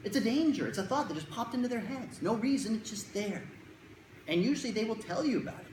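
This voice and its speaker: Lively lecturer in an echoey room. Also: medium pitch, fast. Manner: conversational, jokey, acts out quotes. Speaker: presenter on child anxiety. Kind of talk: lecture to parents. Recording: roomy echo, faint room noise.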